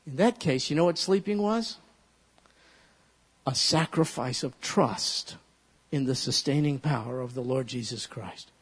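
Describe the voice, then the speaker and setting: A man preaching a sermon as a pastor, animated and leading his listeners in repeating a verse aloud. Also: medium pitch, measured pace, slightly rough. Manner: animated, leads congregation in call-and-response recitation. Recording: long reverb of a large hall.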